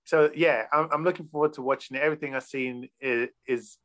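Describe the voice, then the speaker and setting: A man's voice: mid-range voice, steady tone, a little fast, fairly bright tone. A man in casual podcast chat about films, talking in a loose, profane, enthusiastic way. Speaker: podcast panelist.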